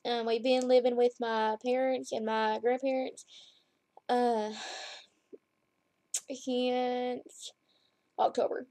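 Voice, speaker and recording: This woman vlogs from home while lying down, rambling through a story in a casual chat to her laptop camera. She speaks slowly in a flat, somewhat high voice with a dark tone and long pauses, and there's no echo.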